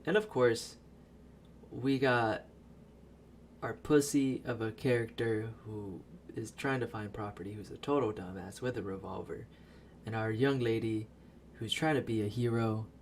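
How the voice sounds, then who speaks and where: A man giving a casual, profane recap of a movie as a voice-over, animated and laughing as he tells it. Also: mid-range voice, a little hiss or hum. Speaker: video creator.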